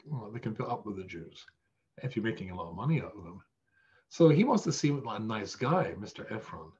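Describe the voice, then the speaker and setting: Animated rabbi teaching a text class. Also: male voice, lowish voice, dull audio. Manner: conversational, self-deprecating, animated. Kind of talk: weekly Torah lesson.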